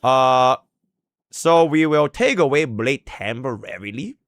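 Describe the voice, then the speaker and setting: A man's voice: medium pitch, expressive, slow pace, a bit bright, no echo. A young man with a Singaporean English accent doing casual, slangy, profane live commentary while playing a game and talking to his chat. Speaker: streamer.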